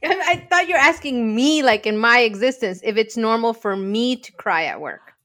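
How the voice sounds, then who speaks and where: A woman's voice: a little high, lively intonation, normal speed, sharp tone. A woman in a casual conversation, thinking aloud in a reflective, agreeable way.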